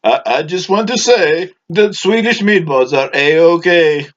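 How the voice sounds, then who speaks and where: A man voicing an excitable male audience member who gushes in a high sing-song voice. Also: unhurried. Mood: gushing. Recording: dull lo-fi audio, faint hiss.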